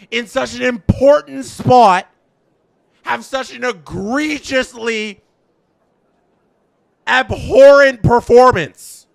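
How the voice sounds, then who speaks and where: A man streaming a live fan reaction, calling the action in an announcer style and swinging between emotional shouts and stunned murmurs. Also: very high-pitched, gravelly, no room sound, studio quality. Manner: announcer-style play-by-play call.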